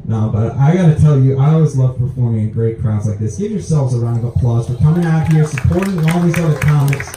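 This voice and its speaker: Echoey young stand-up comedian. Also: male voice, quick pace, distant mic, slight background noise. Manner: animated, jumps into high voices for his punchlines. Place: comedy club stage. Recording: very echoey club room, mic set back.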